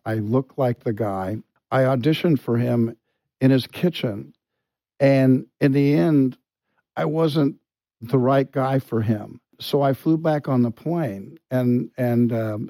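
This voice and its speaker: Mellow-voiced man telling candid stories. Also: mid-range voice, no echo, poor audio. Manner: frank, swears freely, many restarts. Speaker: actor guest. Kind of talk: candid interview storytelling.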